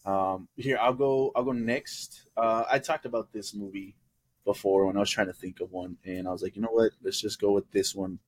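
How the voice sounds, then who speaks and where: A man's voice: lowish voice, moderate pace, husky. A young adult man co-hosting a casual podcast, who tells stories with energy and acts out what people said. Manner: animated storyteller, acting out quotes. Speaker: podcast co-host. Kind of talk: casual chat.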